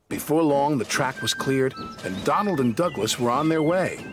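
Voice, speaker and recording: A man narrating a children's storybook in an expressive reading voice. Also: medium pitch, normal speed, hardly any pauses. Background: music.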